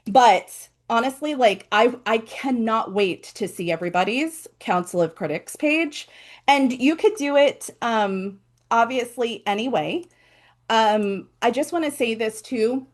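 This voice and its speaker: A woman author hosting her own book launch over a video call, chatty and animated, with playful asides. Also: mid-range voice. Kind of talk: casual live presentation.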